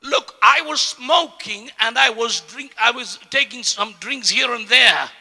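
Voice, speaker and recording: Male preacher, high, piercing, gravelly voice, impassioned delivery, big echoing hall. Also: a little slow. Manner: impassioned, repeats words, swings from soft to loud. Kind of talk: sermon. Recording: long hall reverb.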